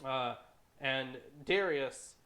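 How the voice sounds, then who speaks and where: A man's voice: mid-range voice, very slow, sharp tone. A man co-hosting a casual discussion show who reads scripture aloud with wry, irreverent asides, sometimes swearing and stumbling over names. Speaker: podcast co-host reading scripture.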